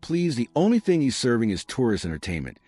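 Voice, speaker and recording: A man's voice: mid-range voice, wildly swooping pitch, fast talker, mellow, no room sound, faint music behind. A man voicing a mocking, entitled young woman tourist in a narrated story. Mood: sneering. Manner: sneering, mocking.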